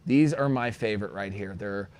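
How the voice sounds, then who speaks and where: A man co-hosting a casual livestream, excitable and laughing, jumping between loud outbursts and mumbled asides. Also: on the low side, normal speed, no echo. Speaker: livestream co-host. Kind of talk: rowdy casual livestream chat.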